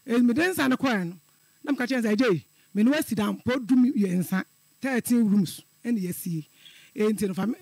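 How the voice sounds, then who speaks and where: Middle-aged guy calling in, earnest story that circles back on itself, very high gravelly voice. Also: dry recording. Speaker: caller. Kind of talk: telling a personal story on call-in radio.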